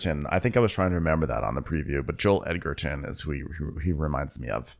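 A man's voice: a bass voice, lively intonation, quick pace, gravelly. A young man co-hosting a podcast, recapping a reality show with wry humor and frequent laughs. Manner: wry, laughs often, quotes cast members in campy voices. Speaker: podcast co-host.

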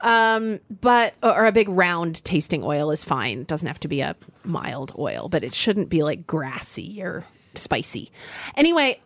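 A woman demonstrating a recipe in casual chat, emphatic with quick asides. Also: on the low side, sing-song, a bit bright, no room sound. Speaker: cook, guest.

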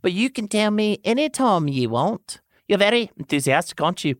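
A man voicing a breathless, eager young male lover in a comedic dramatic reading, breathy and pleading. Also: sits high, big pitch swings, moderate pace, no room sound, studio quality, voice pushed up. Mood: begging, swooning.

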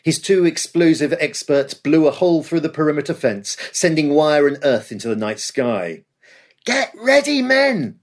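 A man's voice: a little high, moderate pace, hardly any pauses, a little mellow. A man reading scripted history narration with a dramatic storytelling delivery. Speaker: podcast host.

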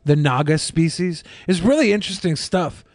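A man with a fairly high voice co-hosts a loose podcast, reading news out loud and tripping over a few words as he goes. He jokes often. The sound is close and dry, with no room echo. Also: moderate pace. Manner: jokey, stumbles over words while reading. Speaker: co-host. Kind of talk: casual podcast banter, reading news aloud.

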